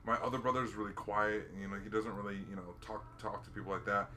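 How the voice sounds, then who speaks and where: American man, casual storyteller, lowish bright voice, faint room noise. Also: quick pace, few pauses. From United States. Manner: animated storyteller who acts out quotes with sudden loud laughs. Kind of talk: casual chat.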